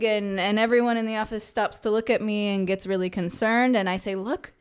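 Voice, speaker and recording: A young American woman in her twenties, a podcast guest telling animated personal anecdotes. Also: mid-range voice, normal speed, clean tone. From United States. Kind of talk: podcast interview storytelling.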